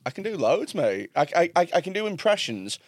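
A man's voice: on the high side, very animated, brisk, dry recording. A man hosting a podcast, casually teasing and swearing freely. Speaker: podcast host. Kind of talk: casual banter.

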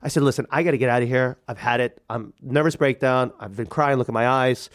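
A man in his thirties telling a personal story, animated and acting out the people he quotes. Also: mid-range voice, quick pace. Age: 30s. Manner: animated, acts out quoted voices. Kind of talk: personal story told to a radio audience.

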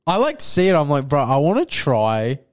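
A man's voice: a little high, huge pitch swings, moderate pace. Rambling young man. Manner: rambling, full of fillers and slang. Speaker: podcast co-host. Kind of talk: casual crude banter.

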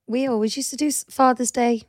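Animated Scouse woman telling stories. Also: a little fast, no room sound, clean studio sound. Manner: animated storyteller, acts out high squealing quotes. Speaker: podcast co-host. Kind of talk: casual chat.

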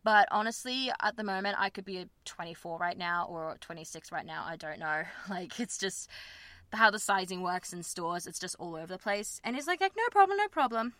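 A woman's voice: fairly low pitch, moderate pace, bright, forceful tone, dry recording. A young woman, hosting a podcast and talking frankly and rambling about her personal life, with lots of fillers and self-conscious laughs. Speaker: podcast host. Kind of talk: candid personal chat.

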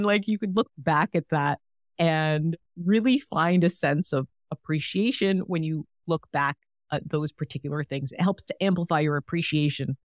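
A woman's voice: fairly low pitch, dry recording, studio quality. A woman hosting a solo wellness podcast, talking in an upbeat, encouraging, chatty way with lots of "like". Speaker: podcast host.

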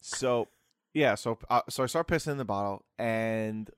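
A man's voice: lowish voice, moderate pace, clear, resonant tone, no room sound, clean studio sound. A young man co-hosting a podcast, telling a long story in casual chat with lots of restarts and asides. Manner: rambling, self-interrupting storyteller. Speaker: podcast co-host.

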